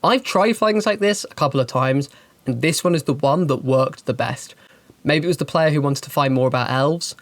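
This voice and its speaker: A woman hosting a channel, giving game master advice in an animated, chatty and emphatic way. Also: low voice, normal speed, no room sound. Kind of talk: casual advice talk and storytelling.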